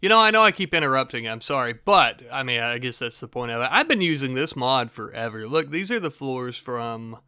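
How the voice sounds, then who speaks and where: Bright, crisp, self-mocking young man. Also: mid-range voice, lively intonation, brisk, few pauses, no echo. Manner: rambling, self-mocking, laughs often. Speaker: channel host reacting to his old video. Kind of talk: casual reaction commentary.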